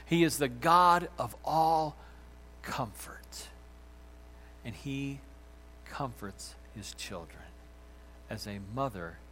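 A man preaching a sermon as pastor, swinging from loud emphatic lines down to soft, almost whispered ones. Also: fairly high pitch.

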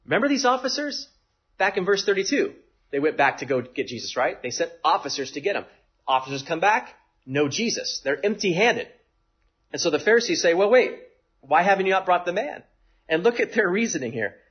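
A man preaching a sermon in an animated way, acting out the voices in the passage he reads and often asking "right?". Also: a little high, brisk, slightly rough, dull audio. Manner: animated, acts out quoted voices, frequent "right?". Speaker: pastor.

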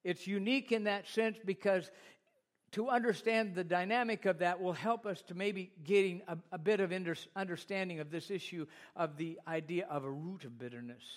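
A man's voice: high voice, normal speed. A middle-aged male pastor preaching a sermon, talking straight to the congregation with rhetorical questions and retold stories.

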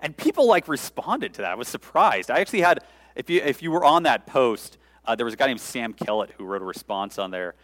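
A man's voice: medium pitch, very animated, brisk, fairly bright tone. A man preaching a sermon, explaining scripture in a conversational, informal way with frequent asides. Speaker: pastor.

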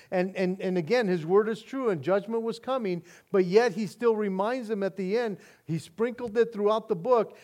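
A male pastor preaching a sermon in an earnest way, often restarting and repeating words, and moving between quiet and emphatic passages. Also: high voice, normal speed, few pauses.

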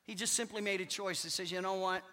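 A pastor preaching a sermon, with emphatic declarations that drop to hushed asides. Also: male voice, sits high, steady tone, fast talker. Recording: long hall reverb.

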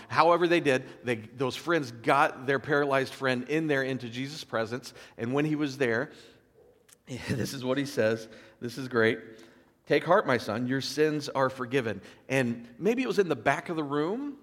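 A man giving a sermon, reading scripture and explaining it in a casual, animated storytelling way with asides. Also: medium pitch. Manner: casual, conversational preaching with fillers. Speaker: preacher. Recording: long hall reverb.

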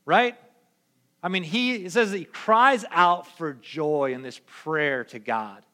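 A young adult male pastor giving a casual, conversational sermon in an animated, slangy way. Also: fairly high pitch, takes it slowly. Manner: animated, slangy, acts out quoted voices.

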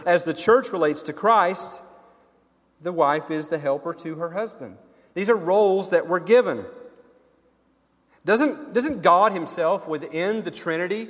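A male pastor preaching with earnest conviction, his voice sitting a little higher than most men's. He often circles back and repeats words as he builds his point. A long reverb hangs behind him, as in a large sanctuary. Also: fairly bright tone. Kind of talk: sermon.

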